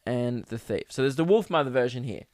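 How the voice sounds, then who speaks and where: A man's voice: medium pitch, expressive, brisk, darkish tone, no echo. A man hosting a casual solo podcast, ranting with mock outrage and mimicking singers. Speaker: podcast host.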